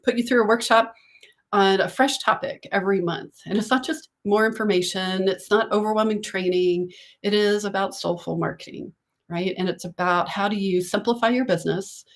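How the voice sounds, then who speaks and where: Woman, business coach, casual talk to camera, conversational, mid-pitched voice, frequent "right?". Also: normal speed. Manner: warm coaching tone, often adds "right?".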